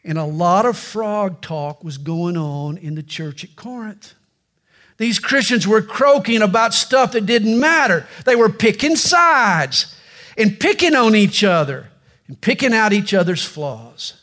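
A male pastor preaching a sermon, with animated storytelling and touches of humor. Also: sits high, unhurried.

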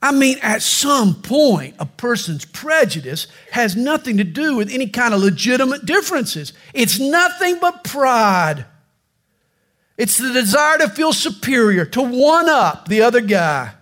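A male pastor preaching a sermon, with animated storytelling and touches of humor. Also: very high voice, measured pace.

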